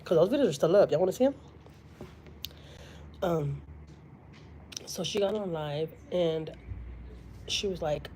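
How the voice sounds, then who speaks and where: This Houston, Texas woman speaks at a measured pace with long pauses, her lowish voice dark in tone, as she tells her live-stream viewers a story. She's chatty and uses lots of fillers, quoting other people dramatically. The audio is poor, with slight background noise.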